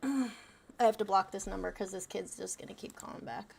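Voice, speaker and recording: A woman's voice: mid-range voice, normal speed, vocal fry, slight background noise. A young adult woman hosting a call-in livestream, blunt and mocking, swearing freely. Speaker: livestream host taking calls. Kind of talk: casual call-in livestream chat.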